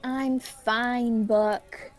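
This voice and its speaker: A woman's voice: fairly high pitch, steady tone, extremely slow. A teenage girl playing a sarcastic, impatient modern American girl in a school radio play. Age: teens.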